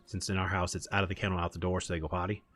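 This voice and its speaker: Low-voiced man chatting while gaming. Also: flat delivery, very fast, fairly bright tone. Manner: rambling, chatty storytelling. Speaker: gaming streamer. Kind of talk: casual chat while gaming.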